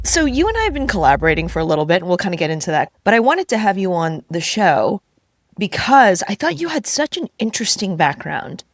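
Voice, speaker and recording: A woman hosting a podcast, asking quick, upbeat questions of her guest. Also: mid-range voice, big pitch swings, no echo, clean studio sound. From New York. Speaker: podcast host. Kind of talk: casual interview.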